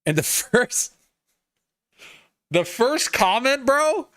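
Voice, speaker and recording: A man's voice: very high-pitched, drawn-out words, no room sound, studio quality. A man hosting a live gaming news stream, talking casually with lots of swearing and riffing with his chat. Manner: profane, animated, riffs and laughs at chat.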